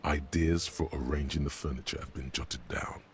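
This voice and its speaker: An actor voicing a grave male game narrator, describing scenes in a slow, measured way. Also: extremely low pitch, fairly even intonation, slightly rough, faint music behind, full character voice. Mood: somber.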